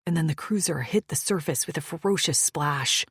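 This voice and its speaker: Husky woman narrating an audiobook. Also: sits low, moderate pace, no echo, studio quality. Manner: dramatic, breathless at peaks, hushed in quiet moments. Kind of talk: first-person audiobook narration.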